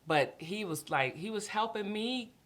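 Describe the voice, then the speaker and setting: A woman's voice: medium pitch, unhurried. A middle-aged woman co-hosting a candid faith talk, telling stories and acting out dialogue with God. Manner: animated storyteller, acts out dialogue with God. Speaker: podcast co-host, mother.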